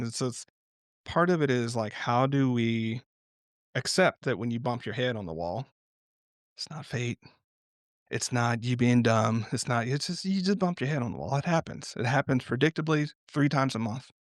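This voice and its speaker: A man of ordinary pitch talks as a podcast guest, drifting between reflective thoughts and lively little stories. He laughs often as he explains things. The recording is close and dry, with no room sound. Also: moderate pace, no echo. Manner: reflective, animated storytelling with frequent laughs. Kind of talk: unscripted podcast conversation.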